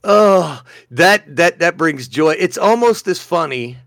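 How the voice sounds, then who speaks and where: A man's voice: slow, no room sound, clean studio sound. A man co-hosting a casual podcast chat, telling stories animatedly and laughing often. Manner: animated storyteller, acts out quotes with loud high shouts. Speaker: podcast co-host.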